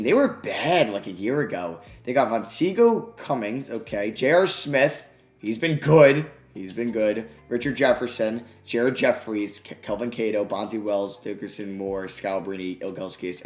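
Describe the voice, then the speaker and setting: A young man commentating over his own video game, excitable, swinging between grumbling and yelling. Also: lowish voice, echoey room. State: out of breath. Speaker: gaming YouTuber.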